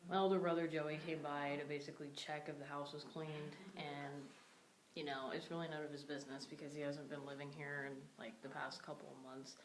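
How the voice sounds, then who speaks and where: Low-voiced young woman ranting in a vlog. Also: little pitch movement, fairly quick, a crowd in the background, rough recording. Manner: rambling, many fillers like "like" and "you know". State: short on sleep. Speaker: vlogger. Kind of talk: casual vlog rant. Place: empty room in a house.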